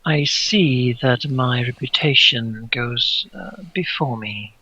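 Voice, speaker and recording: A man voicing an amused vampire prince who speaks softly in an old-fashioned, noble manner. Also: medium pitch, takes it slowly, husky, dry recording, muffled recording, pitched below the performer's own voice, heavily acted. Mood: amused, courtly.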